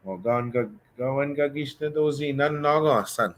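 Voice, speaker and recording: A man teaching a casual beginner language class, talking in a relaxed, chatty way and thinking aloud with frequent restarts. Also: mid-range voice, normal speed, few pauses.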